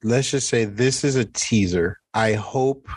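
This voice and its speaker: Low-voiced man, hesitant chat. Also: husky, no echo. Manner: hesitant, measured, many ums and restarts. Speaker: podcast co-host. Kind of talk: casual chat.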